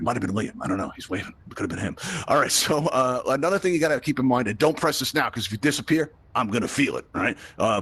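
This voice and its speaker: A man leads a live tutorial for a crowd inside virtual reality, speaking fast in a mid-range voice. He is chatty and encouraging, checking in with his audience all the time. The sound is close and direct, like a headset mic. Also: mid-range voice, a bit bright. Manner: upbeat, chatty, addresses the crowd with frequent "right?" checks. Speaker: VR event host and instructor.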